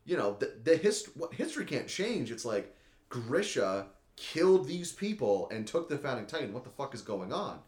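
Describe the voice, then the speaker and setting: A man chatting casually as a podcast host, rambling and excitable, leaning on "like" and swearing a lot. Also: medium pitch, normal speed. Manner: rambling and excitable, heavy use of "like", swears often. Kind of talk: casual chat recapping an anime episode. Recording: echoey room.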